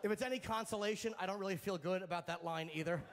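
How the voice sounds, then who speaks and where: High-voiced profane stand-up comic. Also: male voice, fast, slight background noise. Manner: sardonic, profane, deadpan punchlines. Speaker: stand-up comedian. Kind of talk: stand-up comedy set.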